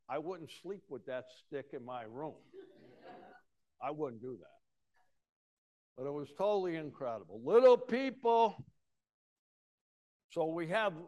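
Folksy preacher man telling stories. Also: on the high side. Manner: folksy storytelling, acting out voices with big swings of loudness. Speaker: pastor. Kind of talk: sermon.

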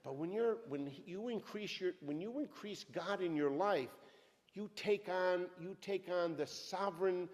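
Male pastor, middle-aged, high-pitched and fervent, preaching in a church with a long hall reverb. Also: a little slow, darkish tone. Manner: fervent, emphatic preaching that rises and drops sharply. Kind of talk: sermon. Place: church sanctuary.

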